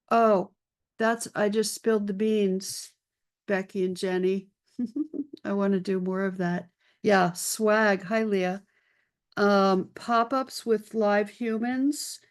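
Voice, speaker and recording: A woman hosting a live video-call session as an art career mentor, chatting upbeat with viewers and greeting them by name. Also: medium pitch. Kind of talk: live-stream chat with viewers.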